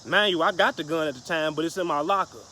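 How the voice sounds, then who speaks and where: A man's voice: a little high, fast, bright, forceful tone, slight background noise. Slangy, profane man telling a story. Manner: profane, slangy, rambling with restarts. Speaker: vlogger. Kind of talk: casual storytelling vlog.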